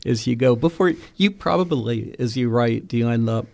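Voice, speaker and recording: A man's voice: medium pitch, moderate pace, creaky, darkish tone. A man hosting a casual interview, encouraging and praising his young guest. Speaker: interviewer host.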